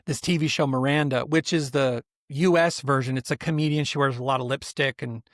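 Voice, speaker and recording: A man's voice: mid-range voice, steady tone, brisk, no echo, studio quality. A man co-hosting a podcast, telling a story in a casual, rambling way with lots of restarts and asides. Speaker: podcast co-host. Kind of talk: casual chat.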